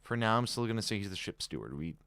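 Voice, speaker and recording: Deep-voiced man musing over a game. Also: very animated, quick pace, fairly bright tone, dry recording. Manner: musing, questioning, frequent chuckles. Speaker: streamer. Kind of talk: live game commentary, thinking aloud.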